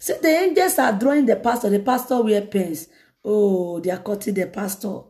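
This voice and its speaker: A woman evangelist, preaching in an animated way and breaking into laughter often. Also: mid-range voice, normal speed. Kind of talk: sermon.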